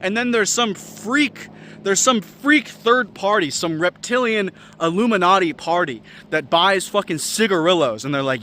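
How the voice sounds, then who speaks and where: A man's voice: sits high, lively intonation, normal speed, bright, forceful tone, slight background noise. A young man talking to camera in a profane, incredulous comedic rant, swearing freely as he riffs. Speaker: vlogger.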